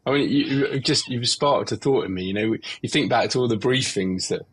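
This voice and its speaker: Husky-voiced man hosting a heartfelt chat. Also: medium pitch, a little fast, a bit bright. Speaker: podcast host. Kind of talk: open conversational interview.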